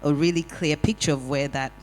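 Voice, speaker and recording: A panel speaker telling lively, wry personal stories in a discussion. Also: medium pitch, brisk, faint music behind, low-quality recording. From Nigeria. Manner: animated, wry storytelling with acted-out quotes. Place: community hall panel.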